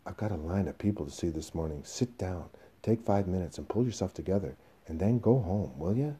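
A man's voice: deep voice, lively intonation, moderate pace, dark tone, husky. A man reading the part of an impatient young boss who brushes off an older employee. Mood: dismissive. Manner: curt, dismissive.

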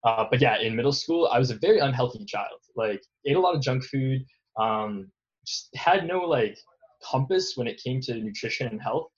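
A man's voice: mid-range voice, expressive, moderate pace, lo-fi sound. A young man casually recalling his school days in an interview, rambling and self-deprecating, often laughing at himself. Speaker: guest.

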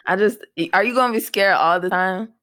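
A woman's voice: medium pitch, brisk, sharp tone, dry recording. Young woman, blunt and dry. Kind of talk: casual group chat.

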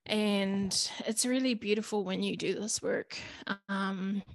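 A woman speaking in a relaxed, confessional vlog, chatty and candid, with lots of fillers. She sometimes acts out her own inner voice. The sound is dry and close, with her voice sitting at a middle pitch. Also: slow pace, no echo. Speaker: vlogger. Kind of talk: casual personal reflection.

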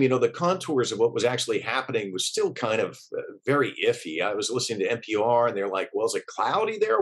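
A middle-aged man speaks in an interview about events he witnessed as a journalist. His voice sits at an ordinary pitch. He talks earnestly but haltingly, with frequent restarts and fillers. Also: slightly rough. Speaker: journalist eyewitness.

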